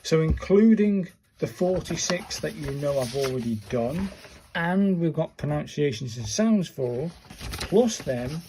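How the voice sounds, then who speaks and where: A man talks slowly and casually, thinking aloud as he works through a writing lesson. His voice is mellow and relaxed, and he often mutters half to himself. Faint noise sits under the recording. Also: a little high. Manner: muttering to himself while counting and searching. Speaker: vlogger learning Japanese writing.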